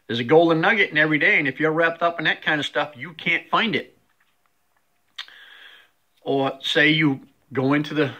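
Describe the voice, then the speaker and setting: Guy with a bright kinda high voice doing a folksy motivational talk, lots of rhetorical questions. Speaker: host.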